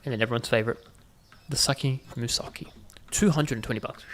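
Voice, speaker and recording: A man's voice: medium pitch, quick pace, a bit bright. A man hosting a gaming video, giving casual running commentary with joking asides to viewers. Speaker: gaming channel host.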